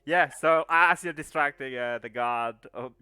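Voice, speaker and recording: A man narrating as game master in a tabletop game, pausing often with fillers. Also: on the high side, sharp tone. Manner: hesitant, filler-heavy narration.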